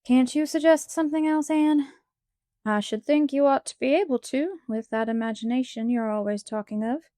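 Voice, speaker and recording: A woman voicing a stern, practical older guardian who speaks in a brisk, matter-of-fact way. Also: high voice, dark tone, no room sound, clean studio sound, voice pushed up, close to an everyday voice.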